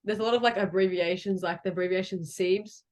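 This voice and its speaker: A young woman, a college basketball player, telling animated stories in a casual video call chat. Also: fairly low pitch, fairly quick. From Australia. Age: young adult. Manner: lively storyteller, acts out teammates.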